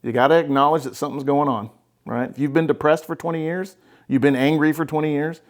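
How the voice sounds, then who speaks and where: A man's voice: on the high side, steady tone, quick pace. A man hosting a podcast as a therapist, talking bluntly and with swearing, and often checking in with "right?". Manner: blunt, profane, emphatic, keeps checking with "right?". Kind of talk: casual podcast conversation.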